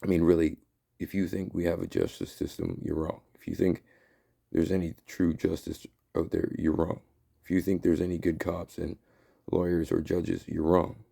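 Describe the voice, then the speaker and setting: A man rants in a heated, rambling way, swearing freely. His low voice is thick with gravel and fry, with a dark, husky tone. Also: level tone, normal speed. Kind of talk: ranting monologue.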